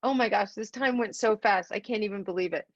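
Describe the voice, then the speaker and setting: In dry, slightly dull video-call audio with no room sound, a middle-aged woman gives an emotional keynote to teachers. Her mid-range voice moves fairly quickly, and she repeats phrases to emphasize her heartfelt message.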